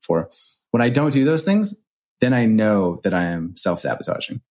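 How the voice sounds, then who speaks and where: A man in his thirties, a podcast guest and author, telling reflective stories in an earnest, animated way with casual swearing. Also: on the low side, normal speed. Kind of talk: reflective storytelling.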